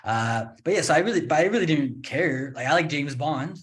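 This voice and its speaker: A man's voice: fairly high pitch, animated, fairly quick. A man from Canada hosting a casual interview, chatty and opinionated, joking as he talks. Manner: chatty, opinionated, restarts and jokes. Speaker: host and English teacher.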